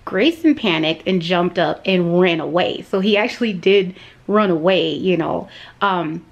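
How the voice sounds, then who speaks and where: Chatty young mom vlogger. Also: female voice, on the low side, unhurried, creaky, muffled recording. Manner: animated, addresses viewers as "you guys". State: recovering from surgery. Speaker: vlogger, stay-at-home mom. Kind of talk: casual storytelling to camera.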